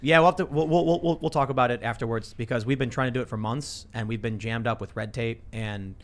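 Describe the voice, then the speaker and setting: A man's voice: mid-range voice, fast talker. A man hosting a casual political talk show from a studio, rambling with lots of restarts and repeated words. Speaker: show host. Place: podcast studio.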